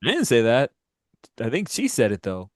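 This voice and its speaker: A man's voice: medium pitch, huge pitch swings, normal speed, no echo, clean studio sound, pitched above the performer's own voice. A man voicing a friendly, teasing young male runner in a tabletop game. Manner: upbeat, teasing.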